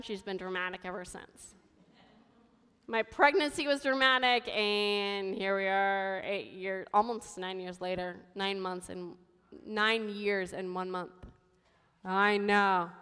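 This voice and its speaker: A woman's voice: medium pitch, a bit bright, clean tone, long reverb tail. A woman in her thirties giving a sermon, telling her own story in a candid, conversational way. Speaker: preacher. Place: church sanctuary.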